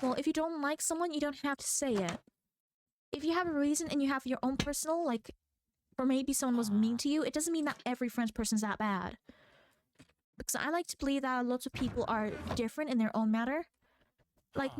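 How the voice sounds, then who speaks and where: A woman's voice: high-pitched, a little fast, noisy background. Rambling, chatty woman streamer. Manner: rambling, chatty, thinks aloud. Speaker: VTuber streamer. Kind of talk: casual chat while playing a game.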